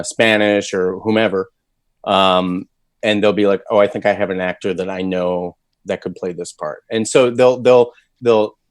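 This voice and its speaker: Low-voiced man, candid chat. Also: darkish tone, no echo. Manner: candid, chatty, self-deprecating. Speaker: voice actor guest. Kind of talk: casual interview chat.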